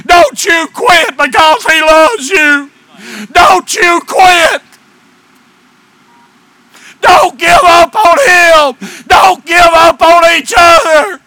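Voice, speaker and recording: A middle-aged man, a pastor preaching a fervent sermon with drawn-out words. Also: very high voice, bright, forceful tone, no room sound, shouting. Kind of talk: shouted sermon.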